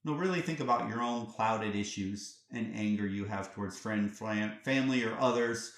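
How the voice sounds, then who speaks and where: A man's voice: lowish voice, moderate pace, few pauses, fairly bright tone. A man hosting a reflective solo podcast, talking earnestly and conversationally, often restarting phrases and asking the listener rhetorical questions. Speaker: podcast host. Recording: roomy echo.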